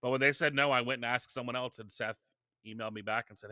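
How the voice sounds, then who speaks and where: Here a male podcast guest rattles off lively stories at a quick pace, his mid-range voice often breaking off to restart a sentence. It's casual interview chat with clean, echo-free studio sound.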